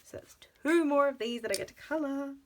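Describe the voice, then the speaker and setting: A woman, chatting excitedly in a casual budgeting vlog, full of gasps and exclamations. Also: sits high, fairly quick, slight background noise, rough recording. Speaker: budgeting vlogger.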